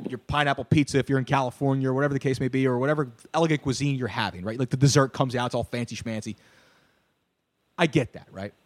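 Animated Philly man ranting on a podcast. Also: fairly high pitch, no room sound. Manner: animated ranter, swears, shouts punchlines. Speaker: podcast co-host. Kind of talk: casual ranting chat.

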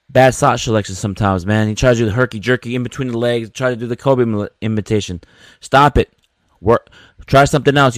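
Slangy sports podcast host, dry close sound. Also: male voice, mid-range voice, no room sound. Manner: slangy, repetitive, frustrated venting. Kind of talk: casual sports podcast rant.

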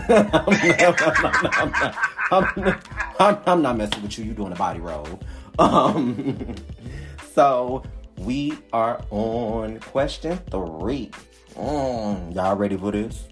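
A man's voice: medium pitch, very animated, slow, over music. A man hosting a podcast, chatting casually with slangy banter and frequent laughter. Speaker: podcast host.

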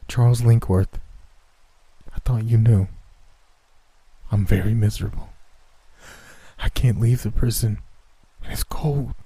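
A man's voice: lowish voice, fairly even intonation, measured pace, long pauses, mellow, slightly rough, no room sound, pitched above the performer's own voice. A man voicing the miserable ghost of an executed man, pleading and broken by sobs and whispers.

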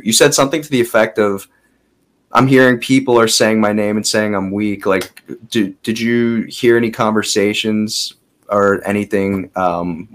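A man hosting a podcast, asking questions in a relaxed, casual way with many filler words. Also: on the low side, poor audio. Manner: relaxed, hedging with frequent fillers. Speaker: podcast host.

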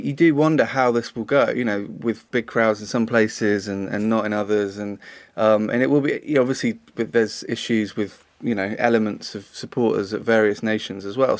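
A man's voice: lowish voice, steady tone, normal speed, dry recording. Rambling man, lots of hesitations. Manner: hesitant, rambling, many fillers. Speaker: podcast guest. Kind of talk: casual podcast chat.

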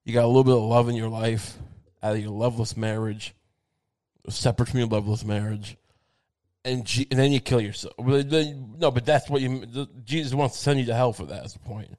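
A man in the middle of a comedic monologue, cursing freely and circling back on himself with stammered restarts. His voice sits at an ordinary, middling pitch for a man. The tone stays sardonic and loose rather than polished. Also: fairly even intonation, brisk, darkish tone. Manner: profane, rambling, sardonic rant with many restarts.

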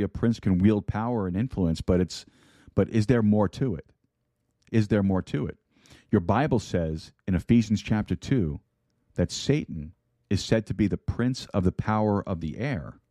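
A man's voice: lowish voice, dark tone, dry recording, clean studio sound. A man preaching a sermon on an online broadcast, repeating himself and asking his audience questions. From United States. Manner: repeats words, asks the audience rhetorical questions. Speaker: pastor. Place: online broadcast with a chat room.

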